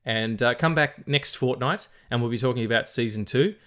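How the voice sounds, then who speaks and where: A man's voice: mid-range voice, moderate pace, fairly bright tone. A man with an Australian accent hosting a podcast, rambling and swearing freely as he chats. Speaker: podcast host. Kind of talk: casual chat.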